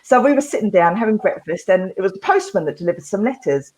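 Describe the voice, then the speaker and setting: A woman's voice: medium pitch, fast, rough recording. A woman hosting a live therapy talk, rambling casually through a story and laughing often. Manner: chatty, laughs often, animated.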